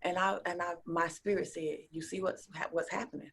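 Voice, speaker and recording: A husky-voiced woman, a speaker and coach appearing as a guest in a casual interview, talks fairly quickly in a lowish voice. She's an animated storyteller who acts out quotes, her loudness swinging widely from whispers to near shouts.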